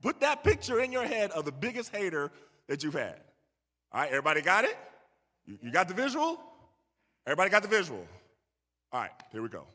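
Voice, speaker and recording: A man's voice: high-pitched, wildly swooping pitch, fast talker, long pauses, sharp tone. A middle-aged man telling a story to a young audience and bantering with the crowd. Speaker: guest speaker. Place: large church hall. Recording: echoey church hall.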